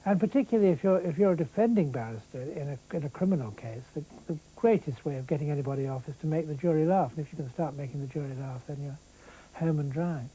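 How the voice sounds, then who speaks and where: A man, a barrister, giving measured, reflective interview commentary. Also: fairly high pitch, dark tone, husky, poor audio. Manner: measured, reflective, with small restarts.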